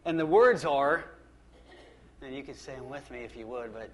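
A man's voice: medium pitch, moderate pace. Man preaching a conversational sermon. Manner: conversational, emphatic, frequent restarts and repetition. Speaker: pastor.

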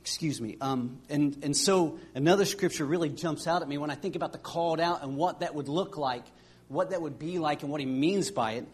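Male preacher, husky, somewhat high, earnest sermon delivery with halting restarts.

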